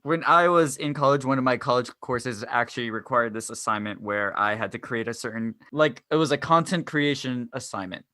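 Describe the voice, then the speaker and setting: A young man hosts a podcast in a bright, forceful voice, rambling on and poking fun at himself. The sound is dry and close, with no room around it. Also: medium pitch, brisk, hardly any pauses, no room sound. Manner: jokey, self-deprecating, rambling. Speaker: podcast host. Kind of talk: casual podcast chat.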